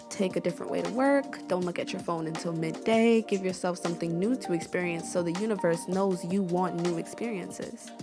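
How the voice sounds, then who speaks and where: A woman with a fairly low voice hosts her own podcast alone, musing in a relaxed, reflective way with self-deprecating asides. Music plays clearly underneath her. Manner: casual, reflective, self-deprecating with light laughs. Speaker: podcast host. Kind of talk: solo podcast monologue.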